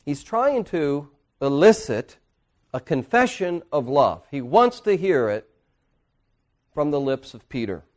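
Earnest preaching man, hushed to emphatic. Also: fairly high pitch, very animated, slow. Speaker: pastor. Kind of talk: sermon. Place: church.

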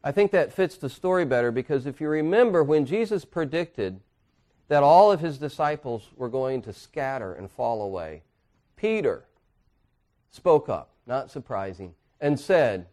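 A man pastor preaching a sermon in church, earnestly, dropping to quiet asides and rising to emphatic points. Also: a little high, very animated, normal speed. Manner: earnest preaching, swinging between hushed and emphatic.

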